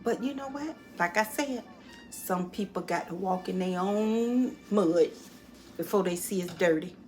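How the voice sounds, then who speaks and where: A woman giving a casual spoken movie review at home, chatty and expressive, calling her viewers honey and y'all. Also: mid-range voice, measured pace, faint music behind. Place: at home near her dishes.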